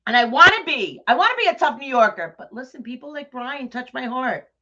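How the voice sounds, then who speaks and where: A woman's voice: high-pitched, animated, brisk, bright, forceful tone. Chatty New York woman, lo-fi stream. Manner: chatty, effusive, talks to viewers by name. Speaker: craft livestream host. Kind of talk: casual livestream chat while crafting bows. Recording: dull lo-fi livestream audio.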